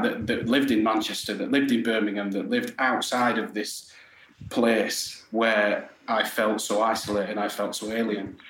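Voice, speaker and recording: Blunt, swearing man in echoey room. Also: lowish voice. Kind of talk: casual podcast discussion. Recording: echoey room with faint background noise.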